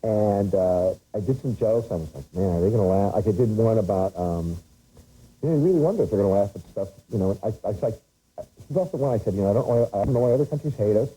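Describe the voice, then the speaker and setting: A man's voice: on the low side, lively intonation, quick pace, mellow, breathy edge, poor audio. A man guest on a TV talk show, telling rambling comic anecdotes. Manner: rambling, self-interrupting anecdotes. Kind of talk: comic storytelling. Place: TV studio.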